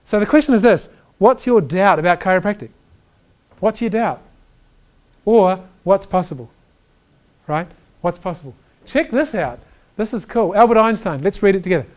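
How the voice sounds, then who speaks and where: A man giving an energetic chiropractic lecture, emphatic and animated, often checking in with "right?". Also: high voice, normal speed. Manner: reads quotes aloud to the audience.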